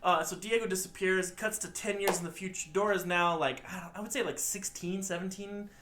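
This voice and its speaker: A man's voice: high voice, fairly quick, noisy background. A man co-hosting a casual podcast movie review, joking around and acting out the characters. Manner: joking, animated, acts out characters. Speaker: podcast co-host.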